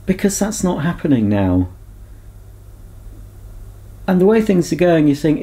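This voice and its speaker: A man's voice: on the high side, sing-song, measured pace, warm tone. A man vlogging in a casual, rambling chat to camera, talking candidly and reflecting on himself.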